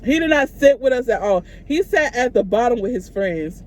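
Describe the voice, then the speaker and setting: A young woman vlogger telling a casual story straight to her viewers, animated and profane. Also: on the high side, normal speed, slight background noise.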